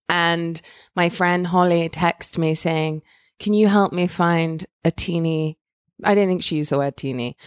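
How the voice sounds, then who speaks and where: A young woman with a slightly lower voice talks casually as a podcast co-host. She rambles with fillers and laughs easily. The sound is close and dry. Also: clear, resonant tone, no echo. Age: young adult. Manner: chatty, laughs often, trails off with fillers. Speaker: podcast co-host, watch and jewelry editor. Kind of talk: casual chat.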